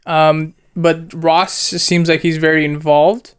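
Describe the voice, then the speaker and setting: A man's voice: on the high side, slow, clear, resonant tone. A young man chatting casually about a film, rambling and slangy as he retells scenes. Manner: rambling, animated slang-heavy storytelling. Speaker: co-host reviewing a film. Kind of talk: casual chat.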